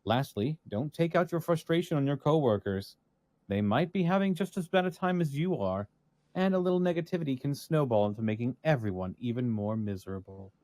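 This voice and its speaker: A man voicing a loving, gentle advice-giving lady, reading her reply letter in an earnest, lilting way. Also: mid-range voice, fairly quick, no room sound, natural voice. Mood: caring.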